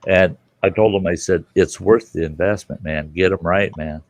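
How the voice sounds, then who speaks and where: A man's voice: deep voice, fairly even intonation, normal speed, dry recording. A man hosting a casual campfire chat, telling stories in a boisterous, profane way. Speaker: host.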